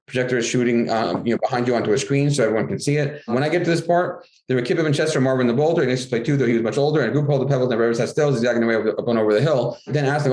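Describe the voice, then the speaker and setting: Fast-talking man in an echoey room. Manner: animated, acts out classroom dialogue in a higher voice. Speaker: guest author. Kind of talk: casual interview talk. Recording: roomy echo.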